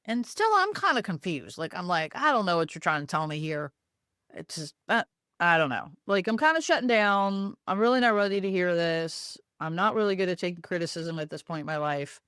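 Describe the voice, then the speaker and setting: Female host, frank storyteller, casual and blunt, animated delivery. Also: fairly low pitch, a little fast, clean tone, dry recording, clean studio sound. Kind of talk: personal storytelling talk.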